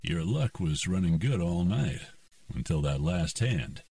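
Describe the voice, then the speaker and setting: A narrator doing a shrewd poker player. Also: male voice, low-pitched, expressive, a little slow, warm tone, no echo, studio quality, distant mic, full character voice.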